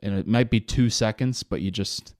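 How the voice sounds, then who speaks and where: A man's voice: lowish voice, moderate pace, darkish tone, no room sound, clean studio sound. A young man co-hosting a podcast, reflective and searching for words, with many fillers. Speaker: podcast co-host. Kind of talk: casual chat.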